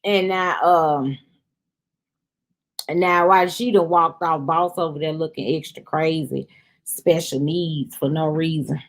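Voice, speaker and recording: Slow-talking woman recapping a TV episode. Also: low-pitched, fairly even intonation. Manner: chatty, addresses viewers as "y'all". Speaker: show review host.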